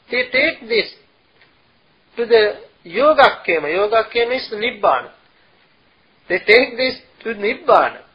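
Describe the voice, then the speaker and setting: Slow husky male dharma teacher. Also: high-pitched. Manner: slow and halting, chants Pali verses. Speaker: Buddhist monk teacher. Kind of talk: dharma talk. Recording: dull lo-fi recording.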